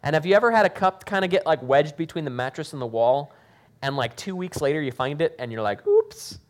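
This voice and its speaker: Man preaching with sudden shouted woes. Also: a little high, lively intonation, fast talker. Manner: dramatic scripture reading with shouted emphasis, then casual joking explanation. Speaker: pastor. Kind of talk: sermon.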